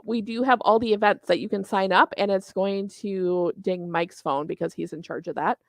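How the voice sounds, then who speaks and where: A middle-aged woman with a Minnesota accent talks casually in an interview about running tournaments. She is chatty and pokes fun at herself, laughing easily. Her voice is mid-pitched and sits dry and close, with no room around it. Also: steady tone, dry recording. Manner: chatty, self-deprecating, quick to laugh. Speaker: tournament organizer guest.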